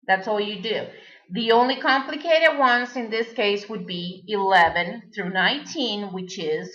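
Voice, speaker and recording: A woman's voice: fairly high pitch, lively intonation, unhurried, bright, forceful tone. A native Spanish-speaking woman giving a recorded language lesson, patiently repeating words for the learner. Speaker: Spanish teacher. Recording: dull lo-fi recording.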